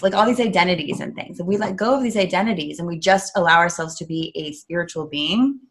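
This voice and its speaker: A middle-aged woman from the United States, talking earnestly in a casual interview and acting out the voices of people she quotes. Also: medium pitch. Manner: earnest, animated, acts out quoted talk. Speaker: guest speaker, coach.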